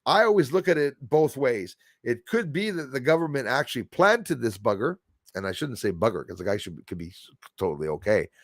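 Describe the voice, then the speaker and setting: Male livestream host, rambling and animated, average-pitched voice, very dry close sound, chats to viewers between restarts. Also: brisk, no echo. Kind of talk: rambling livestream chat reading viewer comments.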